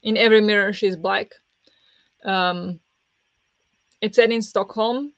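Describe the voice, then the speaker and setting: A woman's voice: medium pitch, fairly even intonation, slow pace, no room sound, highs cut off. A woman hosting a live reading sprint stream, chatting with viewers and laughing often, speaking English as a second language. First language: not English. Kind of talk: casual live-stream chat.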